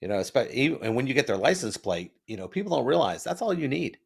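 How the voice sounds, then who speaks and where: Gravelly male radio host telling stories. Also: medium pitch, big pitch swings, quick pace. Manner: storytelling, acts out the people he quotes. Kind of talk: casual radio storytelling.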